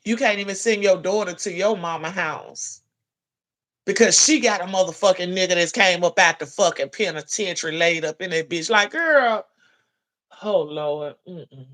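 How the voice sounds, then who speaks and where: A woman's voice: lowish voice, moderate pace, fairly bright tone. A woman giving a heated, profane commentary rant, blunt and scolding. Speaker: commentary vlogger.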